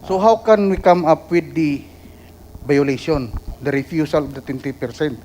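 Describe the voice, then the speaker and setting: A man with a Filipino accent asking questions as a city councilor in a council session, halting, with many fillers. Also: fairly high pitch, a little mellow, rough recording.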